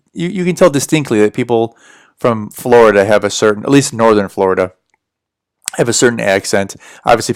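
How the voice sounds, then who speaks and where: A man's voice: lowish voice, no room sound, studio quality. Chatty American man on a livestream. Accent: General American. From United States. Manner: rambling, chatty, answers viewer questions. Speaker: livestream host. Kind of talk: casual livestream chat.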